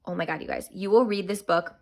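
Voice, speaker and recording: A woman's voice: on the low side, quick pace, creaky. A young woman giving an enthusiastic, gushing book review in a casual chat, a little out of breath.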